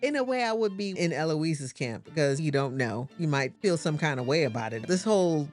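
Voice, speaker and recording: Woman, middle-aged, low voice, swooping lively intonation, sassy TV reaction chat, faint music behind. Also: brisk. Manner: sassy, animated, colloquial. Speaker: reaction host. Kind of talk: casual TV reaction commentary.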